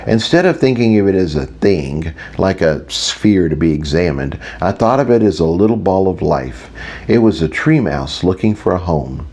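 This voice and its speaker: Low deep-voiced guy reading an audiobook, wry self-mocking inner monologue. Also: lively intonation, normal speed, a little mellow. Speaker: audiobook narrator. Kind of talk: first-person audiobook narration.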